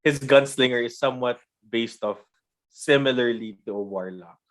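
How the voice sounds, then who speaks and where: A man's voice: medium pitch, normal speed. A man co-hosting a podcast, talking earnestly in casual chat about a show he likes. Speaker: podcast co-host. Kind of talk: casual chat reviewing shows.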